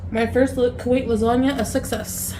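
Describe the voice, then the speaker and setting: A woman's voice: fairly high pitch, flat delivery, moderate pace, background noise. A woman in a food vlog casually describing her meal and her breakfasts. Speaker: food vlogger. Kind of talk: casual chat.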